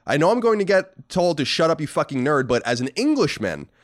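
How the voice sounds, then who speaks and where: An American man co-hosts a casual podcast, reading listener emails and teasing the writers with mock indignation. His voice sits a little high and moves a lot. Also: brisk. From United States. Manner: animated, mock-indignant and joking. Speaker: podcast co-host.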